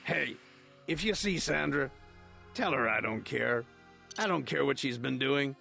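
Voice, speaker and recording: An actor playing a tired, worried middle-aged hotel owner in a video game, with a pleading manner. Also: male voice, medium pitch, lively intonation, unhurried, gravelly, bright, forceful tone, faint music behind, exaggerated voice. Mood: weary.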